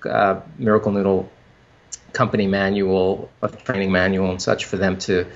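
Man, company founder, low voice, halting restarts, dull lo-fi recording. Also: little pitch movement. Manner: halting, many restarts and fillers. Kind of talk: casual interview talk.

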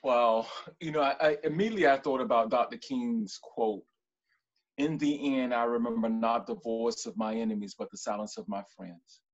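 A man's voice: mid-range voice, moderate pace, highs cut off. A man speaking as a panelist on a video call, emphatic and repeating his key lines with a preacher-like rhythm. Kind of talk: panel discussion.

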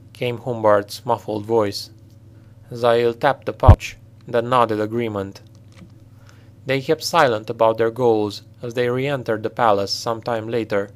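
A man narrating a dark fantasy novel in a steady, dramatic storytelling manner. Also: mid-range voice, measured pace. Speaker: audiobook narrator.

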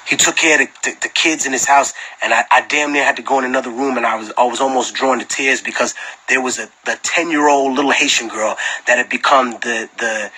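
A man talks straight into his phone on a livestream and answers fans in loose, casual chat. His voice is bright and sharp-edged but husky underneath. He tells profane, animated stories and breaks into laughter often. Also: mid-range voice, low-quality recording. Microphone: phone camera.

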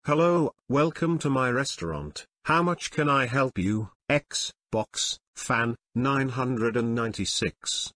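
A man voicing a scheming male restaurant owner, with flat, slow amateur delivery and a dry sound. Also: medium pitch, no room sound.

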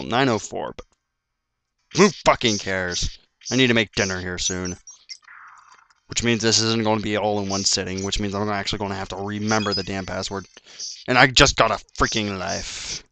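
A man's voice: on the low side, bright, forceful tone, no room sound. A man doing gameplay commentary, ranting in frustration and swearing often. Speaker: let's play commentator. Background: faint game music.

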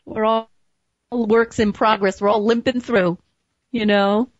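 A woman hosts a radio talk show, effusive and quick to laugh. Her voice sits a little high. The sound is dry and slightly muffled, as in a studio. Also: fairly even intonation, dry recording. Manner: warm, effusive, laughs often. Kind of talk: casual interview chat.

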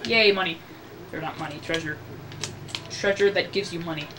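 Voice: mid-range voice, moderate pace, far from the mic, over loud music. A host giving casual gameplay commentary, rambling, joking and correcting himself mid-sentence. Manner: rambling, self-correcting, jokey. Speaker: let's play host.

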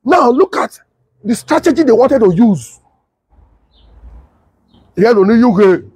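A young man with a Nigerian Pidgin accent telling a comic story, animated and laughing often. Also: very high-pitched, slow pace, husky, no echo. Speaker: comedian storyteller.

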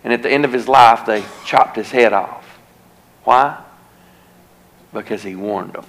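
A male evangelist delivers a revival sermon in a church sanctuary, where a folksy tale builds into an earnest warning. He has a mid-range, slightly bright voice and an unhurried pace, captured on a rough recording.

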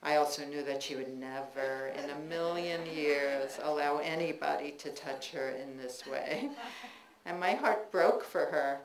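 A woman writer reads from her memoir at an indoor bookstore event, her lowish voice unhurried and wry as she tells the story expressively with warm laughter. The room sounds roomy, with faint noise and crowd sounds around her.

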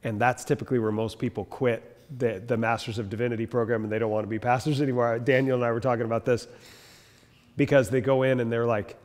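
A man's voice: medium pitch, level tone, fast talker, a little mellow. Man lecturing in an echoey hall. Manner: storytelling, mimics people in quotes. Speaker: teacher. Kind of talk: animated classroom lecture with acted anecdotes. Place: classroom. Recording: long hall reverb.

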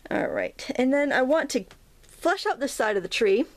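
A woman's voice: high-pitched, lively intonation, normal speed, no echo. A woman in her thirties hosting a casual painting tutorial, chatty and rambling, with lots of ums as she works. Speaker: craft video host.

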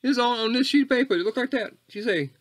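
In a comedic character monologue, a man voices Coach Catfish, an eccentric rambler who drifts onto tangents. He talks fast, leaping between squeaky highs and low mutters.

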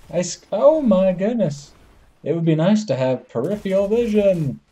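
A young man talks through an online shooter match, joking at his own bad aim and crying out in surprise. His voice is dark and mellow in tone, yet it swings widely up and down in pitch as he reacts. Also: very animated, takes it slowly, husky. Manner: playful, exclaims "oh my goodness", chuckles at himself. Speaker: gaming channel host. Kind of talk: casual gameplay commentary.

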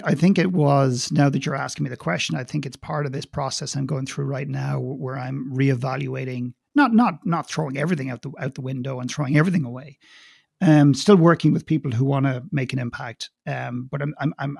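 A man's voice: mid-range voice, creaky, a little mellow, husky, dry recording, studio quality. A man with an Irish accent, a guest in a podcast interview, talking passionately and bluntly, swearing and repeating words as he goes.

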